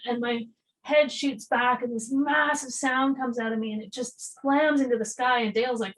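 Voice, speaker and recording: Animated, fairly high-voiced woman storyteller. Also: fairly quick, low-quality recording. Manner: animated, acts out dialogue, casual swearing. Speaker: podcast guest, spiritual healer. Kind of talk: casual spoken storytelling in a podcast conversation.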